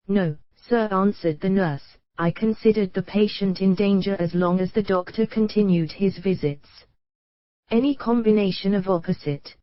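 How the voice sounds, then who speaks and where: A woman narrates an audiobook in a measured, even read, moving steadily through short anecdotes. Her voice sits at an ordinary middle pitch. The sound is dry and a little dull, with no room around it. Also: no room sound.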